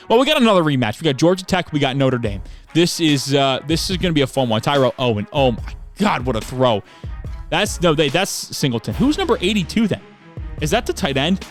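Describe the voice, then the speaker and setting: A young man narrates video game football highlights with excitable play-by-play energy, his voice sitting a little high for a man. He bursts into shouts on the big plays. Faint music plays underneath. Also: brisk. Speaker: video game dynasty commentator.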